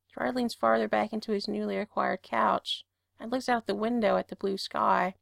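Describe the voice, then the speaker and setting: A woman narrating a story aloud in a calm, steady voice. Her tone has a gravelly fry to it. The recording is close and dry with no room sound. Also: medium pitch, moderate pace, no room sound. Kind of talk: reading fan fiction aloud.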